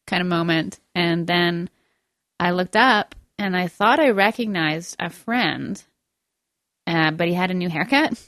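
A woman's voice: fairly low pitch, a little slow, vocal fry, a bit bright, no echo. A woman co-hosting a casual podcast chat, talking in a chatty, self-deprecating way with frequent giggles.

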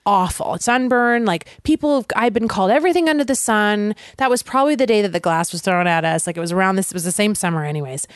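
A young woman telling a story in casual chat, animated and laughing, full of "like". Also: mid-range voice, no room sound, studio quality. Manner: animated, laughing, lots of "like" fillers.

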